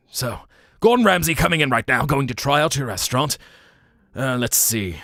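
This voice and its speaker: A man's voice: medium pitch, normal speed, no room sound, faint music behind. A man hosting a livestream, chatting casually and rambling about accents. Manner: rambling, musing, animated. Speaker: livestream host.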